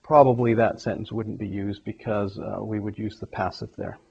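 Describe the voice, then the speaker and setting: A man teaching English grammar, explaining examples step by step in a steady classroom manner. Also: fairly low pitch, normal speed, creaky, slightly rough. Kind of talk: grammar lesson. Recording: dull lo-fi recording.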